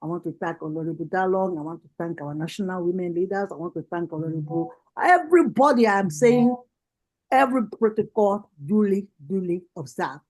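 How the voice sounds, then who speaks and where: A woman's voice: on the low side, lively intonation, brisk, darkish tone, rough recording. A Nigerian woman giving a rallying political speech over a video call, with repeated, impassioned calls to action. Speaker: party women's leader giving a speech.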